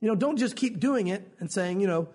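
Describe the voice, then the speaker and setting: High, husky-voiced male preacher. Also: fairly quick. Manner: animated, conversational preaching with acted quotes. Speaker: pastor. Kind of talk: sermon.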